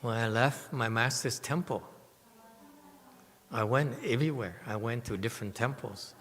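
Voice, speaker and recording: A man delivering a Buddhist dharma talk in a temple hall, his voice sitting at an ordinary middle pitch. He tells stories with lively swings and keeps asking his listeners rhetorical questions. The sound rings with a long hall reverb. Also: normal speed. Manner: animated storytelling with rhetorical questions. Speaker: Buddhist teacher.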